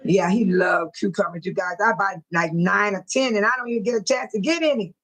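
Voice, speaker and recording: An older woman hosting a casual livestream from home, talking straight to her viewers in chat, emotional and quick to bless and pray. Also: mid-range voice, fairly bright tone, poor audio. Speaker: livestream host.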